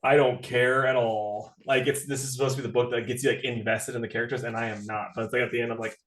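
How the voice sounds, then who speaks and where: A man's voice: medium pitch, little pitch movement, quick pace, fairly bright tone. Blunt man with an echoey room sound. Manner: blunt, exasperated, swears casually. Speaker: podcast co-host. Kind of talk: casual comic book review chat.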